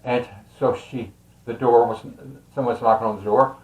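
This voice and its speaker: An older man with a Texas accent tells a family story in a casual, rambling way, with many fillers and soft chuckles. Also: medium pitch, steady tone, normal speed, phone-quality sound. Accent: Texan. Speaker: storyteller and tarot reader. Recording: roomy echo.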